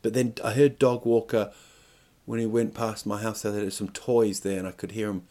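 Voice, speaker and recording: A man's voice: on the low side, level tone, moderate pace, dark tone. A middle-aged man hosting a podcast, rambling through a crude comic monologue with stop-start phrasing and rhetorical questions. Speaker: podcast host.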